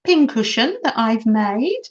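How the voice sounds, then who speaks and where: A woman's voice: on the high side, sing-song, slow. Chatty, giggly woman crafter. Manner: chatty, giggly, talks to viewers while working. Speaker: crafting live-stream host. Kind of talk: casual crafting tutorial chat. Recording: dull lo-fi sound.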